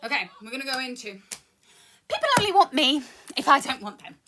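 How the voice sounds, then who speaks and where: A woman's voice: high voice, sing-song, a little fast, bright, forceful tone, slight background noise. A woman from the UK performing intense spoken word and rap live on her phone, swearing and switching between verses and chat. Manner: intense, swearing, shifts between rapping and chatting.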